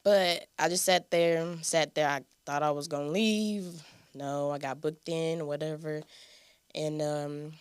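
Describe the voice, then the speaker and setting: Low-voiced young woman telling a story. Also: unhurried, clean tone, no echo. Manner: animated, conversational, addresses listeners as "y'all". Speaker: podcast host. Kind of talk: casual testimony storytelling.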